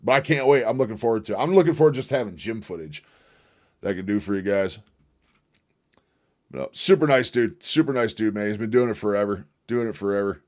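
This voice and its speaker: A man's voice: lowish voice, fast. A man hosting a casual livestream, rambling and swearing as he reacts to clips. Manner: profane, rambling, excitable. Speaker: livestream host.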